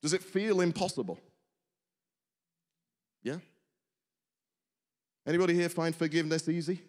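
A man's voice: on the high side, normal speed, darkish tone. A man preaching a sermon, earnest, asking the congregation rhetorical questions. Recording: long hall reverb.

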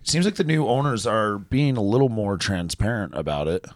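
Low-voiced easygoing male co-host. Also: expressive, brisk, dry recording, clean studio sound. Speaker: podcast co-host. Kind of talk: casual podcast chat.

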